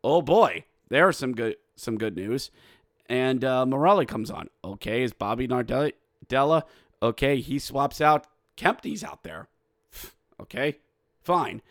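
A man hosting a hockey podcast, recapping a game with excitable, mock-outraged play-by-play and shouting at the big moments. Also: medium pitch, a little slow, no room sound, clean studio sound. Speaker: podcast host.

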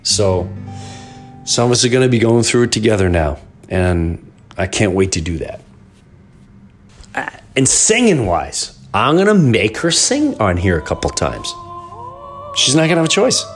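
A middle-aged man hosting his podcast, telling family stories in a rambling, animated comedic monologue. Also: on the low side. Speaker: podcast host.

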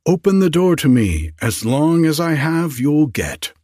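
A man's voice: on the high side, big pitch swings, measured pace, warm tone, no echo, studio quality, voice pushed up. A man voicing tiny fairy folk at a door, in a small, wee voice for a bedtime story. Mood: pleading.

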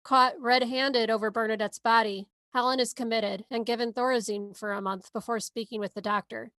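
A woman's voice: a little high, steady tone, a little fast, a bit bright, no room sound. A woman podcast co-host giving a movie synopsis in a casual, sarcastic way. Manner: sarcastic, wry asides.

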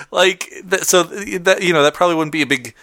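Laughing often, this talk show co-host rambles through casual chat and keeps correcting himself. He has a high, sharp-toned voice at normal speed, recorded in studio quality with no room sound.

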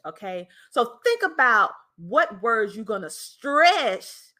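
Bright, emphatic woman podcaster. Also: on the high side, big pitch swings, takes it slowly. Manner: emphatic, preacher-like delivery with stretched stressed words. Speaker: podcast host. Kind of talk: motivational speaking.

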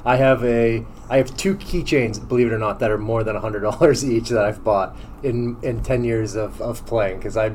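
A man hosting a casual podcast interview, relaxed and laughing easily, who also plays hockey. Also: mid-range voice, moderate pace, few pauses, a little hiss or hum. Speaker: podcast host and hockey player.

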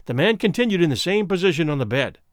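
A male audiobook narrator with a fairly high voice and animated, varied intonation, reading a classic story. The recording is close and dry with no room sound. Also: no room sound. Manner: expressive, measured narration.

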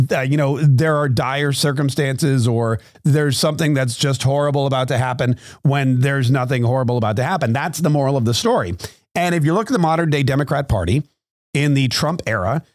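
A man's voice: mid-range voice, moderate pace, no room sound, clean studio sound. A man hosting a podcast, telling a story in a rambling, sarcastic comic monologue. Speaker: podcast host.

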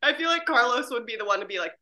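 A giggly woman talks about her work in an easy, animated way, her voice coming through very bright and a touch high. She laughs easily between stories. It sounds like a casual video call. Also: racing. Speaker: actress, interview guest. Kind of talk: casual interview chat.

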